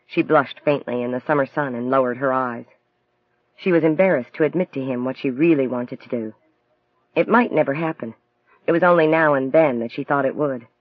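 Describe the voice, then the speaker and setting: A man narrating a novel as an audiobook in an even, measured storytelling manner. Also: medium pitch, no echo, muffled recording.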